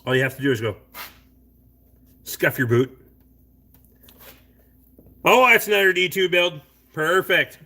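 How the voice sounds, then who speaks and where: Speaking a little slowly with long pauses, a middle-aged stream host sounds animated and sharp, his pitch slightly high. Late at night, he reads chat, rambles, and swears a lot in a blunt, casual way.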